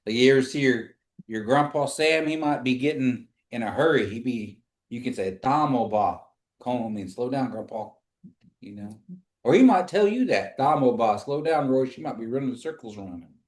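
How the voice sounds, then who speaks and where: Guy leading an evening language class, patient, repeats words slow, roomy echo. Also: mid-range voice, lively intonation. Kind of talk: live in-person language lesson. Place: classroom streamed online. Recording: echoey room.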